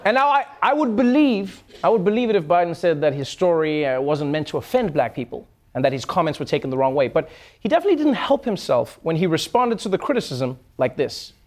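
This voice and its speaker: A man's voice: on the high side, sing-song, a little fast. A man hosting a comedy news show, delivering a mocking satirical monologue. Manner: mocking, puts on voices for jokes. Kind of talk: satirical late-night monologue.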